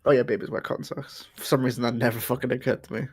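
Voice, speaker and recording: A man's voice: medium pitch, steady tone, rapid-fire, breathy edge. A young man chatting casually, often hesitant and trailing off, with casual swearing. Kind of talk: casual chat.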